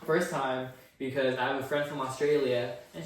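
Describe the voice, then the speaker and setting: A man's voice: on the high side, a little fast, few pauses. Ranting, foul-mouthed man in an echoey room. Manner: profane, ranting, heavy swearing. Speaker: podcast co-host. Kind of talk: casual chat. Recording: echoey room, distant mic, faint noise.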